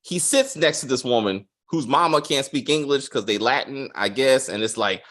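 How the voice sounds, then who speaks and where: A man's voice: mid-range voice, moderate pace, few pauses. A man reviewing a TV series in casual, profane chat, mocking the plot with acted-out quotes. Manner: animated, swearing, mocking retellings with acted quotes. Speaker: TV show reviewer.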